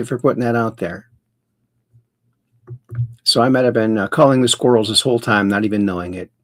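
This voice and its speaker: A man's voice: medium pitch, creaky, no room sound. Playful rambling male livestream host. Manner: rambling and playful, greeting chat viewers by name, punning. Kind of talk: casual livestream chat.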